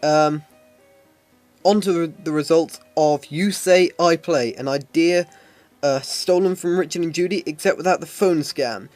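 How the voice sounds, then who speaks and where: A man rambles through a casual game commentary, joking at his own expense. His voice sits a little high, and faint game music plays behind him. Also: a little slow, a little mellow, dry recording. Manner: rambling, self-deprecating humor. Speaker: Let's Play commentator.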